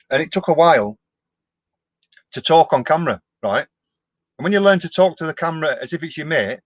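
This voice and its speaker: Middle-aged vlogger, slightly raised voice, dry close sound with dull lo-fi stream audio, chatty and plain-spoken, stumbles and restarts. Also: male voice, fairly high pitch, a bit bright, dry recording. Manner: chatty and down-to-earth, frequent restarts and repeated words. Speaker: vlogger hosting a live stream. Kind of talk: casual live chat answering viewer comments.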